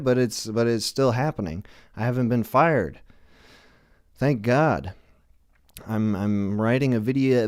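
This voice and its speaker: Slow, rambling, self-deprecating man host. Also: mid-range voice, a little mellow, dry recording, studio quality. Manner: self-deprecating, halting with restarts. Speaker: livestream show host. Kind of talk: rambling comedic monologue.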